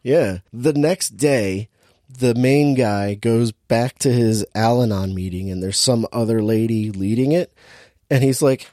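Man, podcast co-host energy, animated storyteller, dry booth sound. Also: medium pitch, measured pace, no echo. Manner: animated storyteller, laughs often, acts out quotes. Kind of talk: casual movie recap chat.

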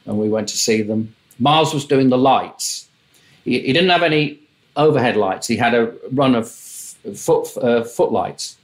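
An older man, a music manager, telling wry, lively anecdotes in an interview and acting out the voices in his stories. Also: mid-range voice, a little slow. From England. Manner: wry, lively raconteur, mimics voices in quotes.

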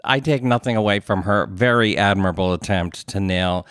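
A man's voice: deep voice, normal speed, a bit bright, clear, resonant tone, dry recording, studio quality. A man with a Philadelphia accent, co-hosting a podcast in casual, rambling chat full of self-deprecating asides. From Philadelphia area. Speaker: podcast co-host. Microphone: podcast studio mic.

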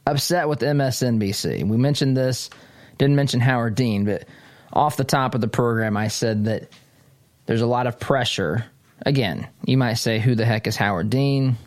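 A man's voice: medium pitch, moderate pace, no room sound. A man hosting a political commentary show from a desk, talking in a casual, digressive way with frequent restarts. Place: studio desk.

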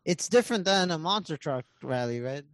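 A male guest in a casual podcast chat stumbles through his thoughts with fillers and curses. His voice sits slightly high and sounds dry and close. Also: animated, no echo. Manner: halting, filler-heavy, profane.

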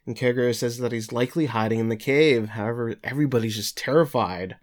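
A man's voice: medium pitch, fast talker. Male podcast co-host, casual recap voice, filler-heavy, remote call. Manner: chatty, loose, with filler words. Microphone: remote call mic.

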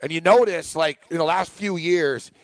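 An opinionated man talks hockey and betting with a slightly high voice. He is animated and laughs often. The sound is dry and close to the mic. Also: normal speed, no room sound, low-quality recording. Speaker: sports betting podcast co-host. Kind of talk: casual sports betting chat.

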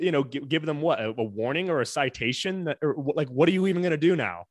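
A man's voice: on the high side, animated, quick pace, few pauses, no echo. A man guesting on a casual podcast, talking in a rambling way with many restarts and frequent "you know". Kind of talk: casual chat.

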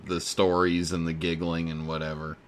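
A man's voice: deep voice, monotone, normal speed. A man hosting a podcast interview, teasing and prompting his guest with questions. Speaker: podcast host. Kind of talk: casual interview chat.

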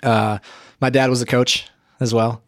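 A young man from North Carolina hosting a casual podcast chat, excitable and swearing freely. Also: medium pitch, measured pace. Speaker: podcast host.

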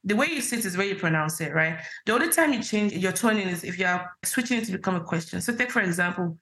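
A woman's voice: mid-range voice, animated, fast talker, a bit bright. A woman in her thirties from Nigeria, a podcast guest who explains things patiently and laughs easily. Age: 30s. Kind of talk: casual interview chat.

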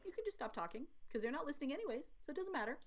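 A woman guest talking about parenting in a casual podcast chat, explaining in an animated way and acting out little quotes. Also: high-pitched, racing. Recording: dull lo-fi audio.

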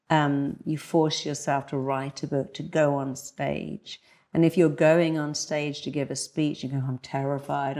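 With a low-pitched, gravelly and darkish voice, a woman therapist talks as a hypnotherapist guest in a conversational interview. She speaks with emphasis and performs the voices she quotes.

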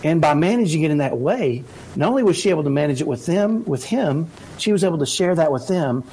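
A man giving parenting advice in an energetic motivational talk, often checking in with "right?". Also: a little high, fast talker, breathy edge, low-quality recording. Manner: energetic, keeps asking "right?".

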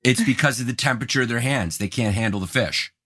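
A man's voice: mid-range voice, quick pace, sharp tone, slightly rough. A man co-hosting a podcast in casual chat, joking and teasing his co-host. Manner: joking, puts on silly voices and teasing bits.

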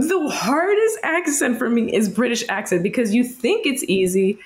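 Woman, 30s, comedian guest, animated and playful, casual chat. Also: a little high, moderate pace. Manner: laughs often, animated and playful.

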